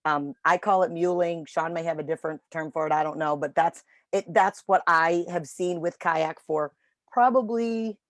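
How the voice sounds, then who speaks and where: A woman telling a dog-training story in casual chat on a video call, animated when quoting. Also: on the low side, normal speed, dry recording. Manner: chatty storytelling, animated voices for quotes. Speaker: puppy raiser trainer.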